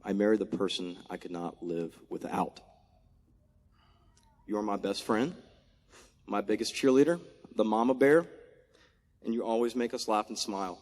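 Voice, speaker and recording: This is a farewell speech from a departing military commander, a man in his forties from Maryland, who thanks people one at a time and struggles to hold back tears. His voice is on the low side with a darkish tone, echoing at length through the large hangar hosting the ceremony.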